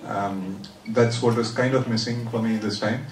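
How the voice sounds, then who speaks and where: Sailor, chatty and self-deprecating, recorded far away in a reverberant space. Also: male voice, on the low side, fairly even intonation, normal speed. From India. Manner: chatty and self-deprecating, laughs often, many "uh" fillers. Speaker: solo sailor interviewee. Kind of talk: casual interview answers. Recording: roomy and distant.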